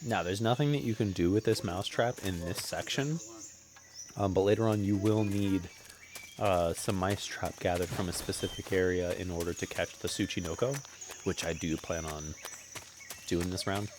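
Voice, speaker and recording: A man's voice: low voice, normal speed, noisy background. A man casually commenting over his own video game playthrough, chatty and self-deprecating. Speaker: gaming streamer. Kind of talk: casual let's-play commentary.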